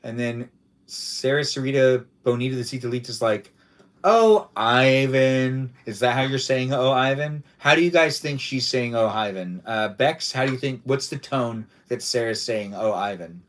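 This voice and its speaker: A man's voice: medium pitch, moderate pace. A man hosting a casual livestream, rambling playfully and repeating his own phrases as he chats with viewers and guests. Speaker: livestream host.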